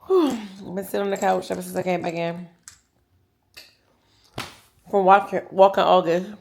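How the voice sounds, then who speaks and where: A woman's voice: medium pitch, moderate pace, vocal fry, slight background noise. Middle-aged woman, casual vlog chat, dramatic and goofy delivery. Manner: chatty, dramatic, animated. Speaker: vlogger.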